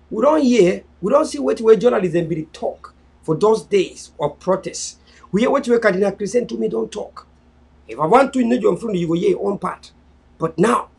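Cameroonian pidgin-accented man, high gravelly voice, repeats himself like a preacher, loud then low. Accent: Cameroonian Pidgin English. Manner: repetitive and preachy, swinging between loud pleas and low murmurs. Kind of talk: impassioned live-stream address.

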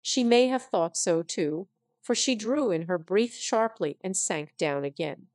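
A synthetic-sounding woman narrating a story in an even, unhurried reading voice. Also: mid-range voice, dry recording. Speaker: audiobook narrator. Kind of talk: scripted narration.

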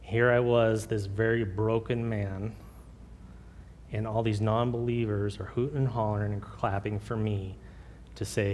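A man preaching an informal sermon with personal testimony, earnest and halting, with many fillers and restarts. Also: level tone, a little mellow. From Oregon. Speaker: lay preacher. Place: church sanctuary. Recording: long hall reverb, faint rumble.

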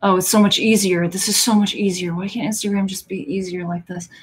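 A woman whose first language is Russian hosts a casual livestream from home while signing autographs, speaking into a headphone mic. Her mid-range voice is steady and a little fast, and she chats and rambles with many restarts.

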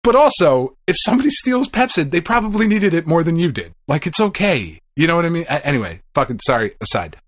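A middle-aged man on a podcast, recorded close on a mic in a dry, dead room. His pitch swings widely as he spins a story, swearing freely and acting out the people in it. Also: sing-song, quick pace, hardly any pauses, dry recording. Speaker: podcast co-host. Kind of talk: casual podcast chat.

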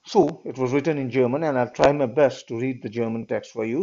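A man's voice: medium pitch, steady tone, a little fast, few pauses, warm tone. A man teaching a class, reading a story aloud and explaining it, often checking in with "all right". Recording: dull lo-fi recording.

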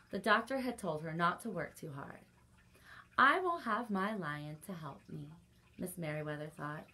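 This is a librarian, a woman with a lowish voice, reading a picture book aloud during children's story time. She's expressive and makes brief asides to the kids.

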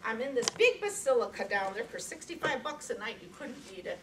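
Lively high-voiced woman in her sixties. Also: fairly quick, noisy background. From Chicago, USA. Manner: animated, acts out voices, laughs often. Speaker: contest speaker. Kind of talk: humorous storytelling speech. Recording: echoey hall from far off.

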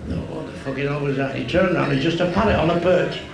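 A man with a Mancunian accent telling crude stand-up jokes in rapid-fire bursts, landing punchlines deadpan. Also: a little high, vocal fry, crowd noise. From England. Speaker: stand-up comedian.

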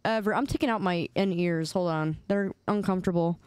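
A woman's voice: on the low side, fairly quick, darkish tone, clear, resonant tone, no echo. A woman streaming, chatting casually and reacting to memes with playful, mock-indignant whining and teasing.

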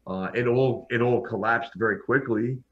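A man's voice: medium pitch, normal speed, breathy edge. A man telling his personal story as a podcast guest, blunt and frank, often restarting his sentences. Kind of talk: personal storytelling in a casual interview. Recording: dull lo-fi sound.

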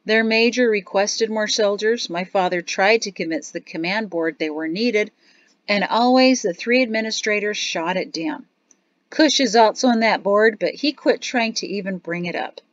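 A woman's voice: medium pitch, moderate pace, no echo, close to an everyday voice. A woman narrator voicing a weary, rueful father who talks in a sad, grumbling way, in a storybook reading. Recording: dry, slightly dull studio audio.

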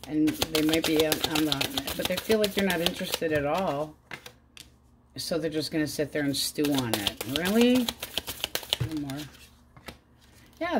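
A woman's voice: sits low, noisy background. A middle-aged woman reading tarot cards, talking in a chatty, wry way and swearing freely. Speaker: tarot reader. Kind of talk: casual rambling chat.

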